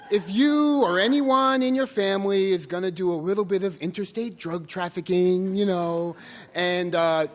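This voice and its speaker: Animated high-voiced man telling a story on stage. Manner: animated, self-mocking, acts out voices and shouts. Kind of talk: live story slam telling. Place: stage in a hall with an audience. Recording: live hall recording with reverb and faint noise.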